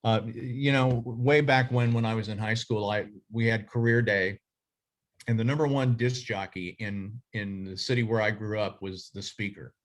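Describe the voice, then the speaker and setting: A man's voice: lowish voice, steady tone, moderate pace. A middle-aged man who leads a journalism association, speaking in a casual, rambling way full of fillers and restarts. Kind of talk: casual reflective talk.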